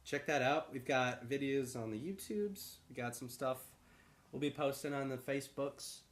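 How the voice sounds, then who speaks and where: A man co-hosting a podcast in relaxed, rambling casual chat, laughing easily. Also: mid-range voice, normal speed. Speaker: podcast co-host.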